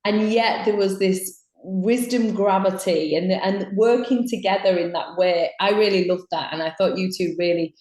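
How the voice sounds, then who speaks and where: A woman's voice: medium pitch, moderate pace, hardly any pauses, a little mellow, echoey room. A woman with an Irish accent, a guest author chatting frankly and cheekily on a podcast. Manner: frank and cheeky, swears freely. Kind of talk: casual podcast chat.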